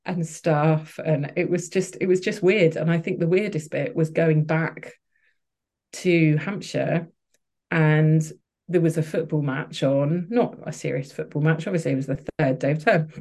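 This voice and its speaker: A woman's voice: sits low, fairly even intonation, a little slow, darkish tone. Candid woman telling her story. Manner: open, emotional, many restarts and fillers. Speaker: podcast guest.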